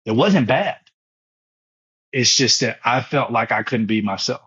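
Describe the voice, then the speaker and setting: A man's voice: medium pitch, animated, unhurried, fairly bright tone, slightly rough, muffled recording. A man in his thirties, a former pastor, telling his own story with emotion and repetition in an interview. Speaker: guest, foundation founder and former pastor.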